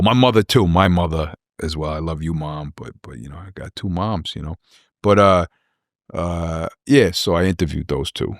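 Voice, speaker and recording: A man's voice: deep voice, no echo, clean studio sound. A man in his forties, a rapper guest telling rambling personal stories in a casual interview, repeating words and acting out what people said.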